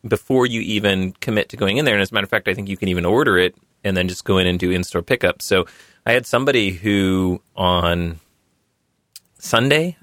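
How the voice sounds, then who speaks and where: A man's voice: low voice, brisk, no room sound. A man hosting a podcast, reading a sponsor spot and chatting casually with guests. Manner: relaxed, chatty, reads sponsor spots conversationally. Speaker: podcast host. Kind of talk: casual tech podcast talk.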